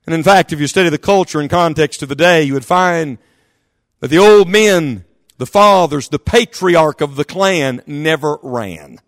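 A man preaching a sermon in church, impassioned, swinging from quick asides to loud, drawn-out calls. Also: a little high, no room sound, clean studio sound. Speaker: pastor. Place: church service.

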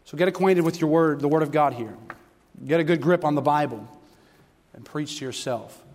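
A man preaching a sermon to a congregation, telling stories with animated, fervent delivery. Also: fairly high pitch, normal speed. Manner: animated storytelling, rising to loud fervent passages. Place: church sanctuary. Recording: long hall reverb.

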